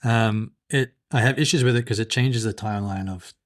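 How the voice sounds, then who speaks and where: A man's voice: lowish voice, a little fast. A man co-hosting a podcast in casual chat, eagerly explaining movie lore at length. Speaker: podcast co-host.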